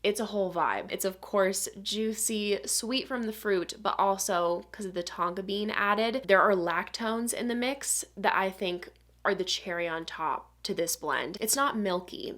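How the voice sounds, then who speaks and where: A woman speaks to her viewers as she reviews fragrances, her voice at a medium pitch. She talks in a soft, dreamy and descriptive way, lingering over each impression. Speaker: perfume reviewer. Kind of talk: casual review to camera.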